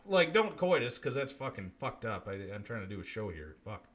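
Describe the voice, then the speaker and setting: A man hosting a live-stream comedy show, muttering profane bits deadpan and breaking into sudden shouts. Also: mid-range voice, a little fast, few pauses.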